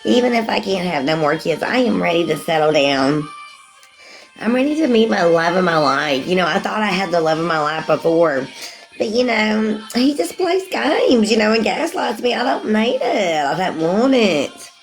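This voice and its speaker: A woman's voice: medium pitch, very animated, normal speed, soft background music. A woman in her forties chatting casually with livestream viewers, rambling, calling them sweetie and laughing often. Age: 40s.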